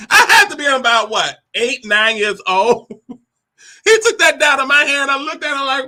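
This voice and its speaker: A sassy woman in her forties with a high, sharply bright voice tells her own life story straight to the listener. She is animated, laughs often and acts out every quoted line. She keeps calling the listener "honey" and "baby". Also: unhurried. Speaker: host. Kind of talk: candid personal storytelling monologue.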